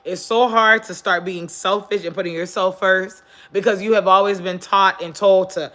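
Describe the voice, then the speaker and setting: Sitting on the floor with her phone, a woman hosts a casual motivational livestream in a medium-pitched, fairly even, sharp-toned voice at a moderate pace. Earnest and preachy, she repeats points to drive them home.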